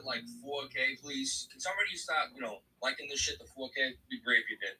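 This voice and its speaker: A man's voice: mid-range voice, lively intonation, quick pace, bright, forceful tone, distant mic, slight background noise, low-quality recording. A man with a Boston accent co-hosting a live podcast, playful and chatty, urging viewers to like the stream. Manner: playful, begging viewers for likes. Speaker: podcast co-host. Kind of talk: casual live podcast banter.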